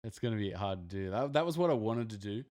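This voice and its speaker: A man's voice: on the low side, expressive, fast, darkish tone. A young Australian man co-hosting a podcast, talking casually with lots of fillers and restarts. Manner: rambling, many fillers and restarts. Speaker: podcast co-host. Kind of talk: casual chat.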